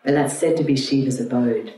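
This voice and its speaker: Low-voiced woman telling a myth to a group. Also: brisk. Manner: chatty, irreverent, animated retelling. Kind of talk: storytelling lecture to a group. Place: room with an audience. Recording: roomy, distant mic, faint hum.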